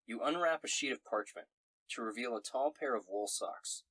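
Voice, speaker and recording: A man runs a tabletop game as game master, narrating in a jokey, giggly way. His voice is husky. It sounds dry, with no room echo. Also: medium pitch, lively intonation, moderate pace, fairly bright tone.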